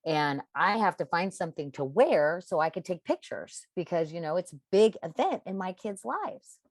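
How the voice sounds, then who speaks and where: Middle-aged woman, low voice, emphatic and confessional, dry close sound. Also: sing-song, normal speed, no room sound. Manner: emphatic, confessional, dramatic stresses. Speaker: podcast guest. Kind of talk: personal story in a podcast interview.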